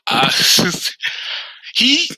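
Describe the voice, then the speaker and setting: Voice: very slow, bright, forceful tone, rough recording. A podcast co-host making dry joking asides in casual chat.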